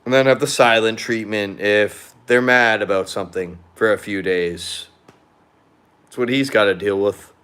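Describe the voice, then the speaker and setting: A man's voice: fairly low pitch, measured pace, a bit bright, clear, resonant tone. Young man venting, blunt and profane. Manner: drinking beer while chatting. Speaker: vlogger. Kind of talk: casual venting monologue.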